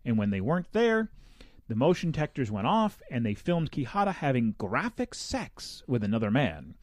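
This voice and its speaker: A man's voice: mid-range voice, normal speed, no room sound, studio quality. A man co-hosting a casual podcast, reading odd news stories and joking about them with frequent laughs. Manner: animated, laughs often, jokey asides. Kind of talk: casual chat.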